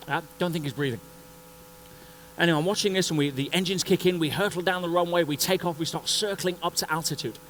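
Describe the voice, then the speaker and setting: A man giving a motivational talk at a conference, telling a story in an animated way and acting out the scenes. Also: a little high, quick pace, a little hiss or hum, rough recording. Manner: animated, acts out scenes and voices. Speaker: conference speaker. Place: conference stage before an audience.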